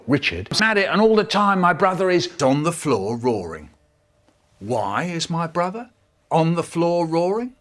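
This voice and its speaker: A man's voice: a little high, big pitch swings, a bit bright. A man telling a story in a theatrical, exaggerated way, stretching out words, in a spliced comedy edit. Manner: theatrical, drawn-out, exaggerated delivery.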